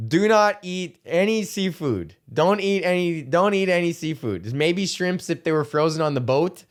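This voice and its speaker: A man's voice: a little high, lively intonation, normal speed. A young man hosting a comedy podcast, ranting in a casual, rambling way, swearing and laughing often. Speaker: podcast host.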